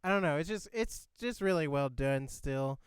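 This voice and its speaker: Male podcast co-host, giggly and chatty, with a very lively, smooth voice on a dry close mic. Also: fairly high pitch, normal speed, dry recording. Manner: giggly, chatty, tells anecdotes. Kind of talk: casual chat.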